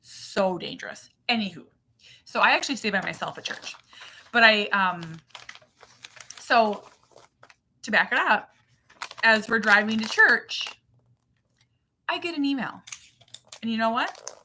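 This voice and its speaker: Bright, chatty woman livestreaming. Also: fairly high pitch, measured pace, long pauses, a little hiss or hum. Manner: chatty and animated, many fillers. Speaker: mother and channel host. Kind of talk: casual livestream chat.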